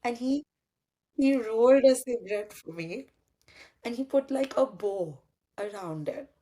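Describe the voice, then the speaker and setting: A woman's voice: fairly high pitch, measured pace. A young woman from India tells a story in a loose, conversational way. She keeps switching into the voices of the people in it and swears casually as she goes. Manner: animated, acts out both sides of dialogue, swears casually. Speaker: podcast host telling a story.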